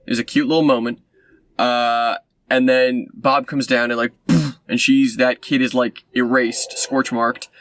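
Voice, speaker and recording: A man rambles through a movie plot in a loose, sarcastic way, full of ums and side remarks. His voice sits at an ordinary pitch, and the sound is dry and close, with no room around it. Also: a bit bright, dry recording. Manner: sarcastic, rambling, with many fillers. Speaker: movie reviewer. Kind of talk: casual rambling recap.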